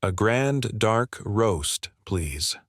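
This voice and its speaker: A composed, gentle gentleman answers with quiet courtesy, voiced by a man narrating the story. His voice sits low and sounds dry and close. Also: expressive, unhurried, dry recording. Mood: polite. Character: calm polite wealthy man.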